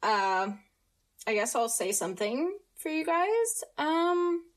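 Chatty teenage girl with lively pitch. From United States. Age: teens. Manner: chatty, upbeat, talks in quick asides. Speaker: podcast host. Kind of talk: casual chat.

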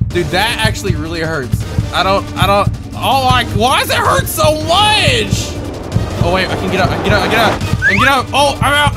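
A young adult commenting live on gameplay, panicky and yelping, with quick repeated phrases. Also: sits high. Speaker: gaming video creator. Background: game music.

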